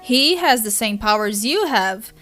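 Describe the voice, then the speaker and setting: A woman's voice: fairly high pitch, animated, unhurried, pushed and bright, faint music behind, pitched below the performer's own voice. Woman reading a soothing teen girl. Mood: coaxing. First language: Brazilian Portuguese. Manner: soothing, coaxing. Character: patient, soothing teenage girl.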